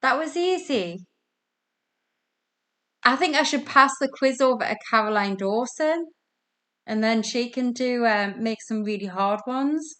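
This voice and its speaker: A woman's voice: a little high, expressive, measured pace, long pauses, fairly bright tone. A woman hosting a casual online quiz over a video call from home, chatty, giggly and self-deprecating. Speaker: quiz host.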